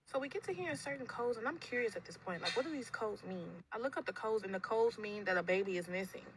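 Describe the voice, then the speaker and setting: A woman with a fairly high voice tells a wild personal story at a rapid clip. She acts out every quoted line as she goes. Loud traffic and vehicle noise run clearly behind her. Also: poor audio. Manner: animated, acts out quoted dialogue.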